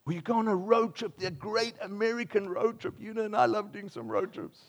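An older Australian pastor preaches a sermon, spinning playful made-up examples with lively energy before settling into a quiet, earnest close. His voice is high-pitched and a little fast.

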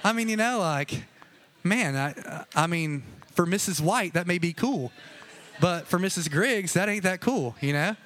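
A man's voice: a little high, expressive, measured pace, fairly bright tone. A man preaching a casual, conversational sermon, chatty and joking with many asides. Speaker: pastor.

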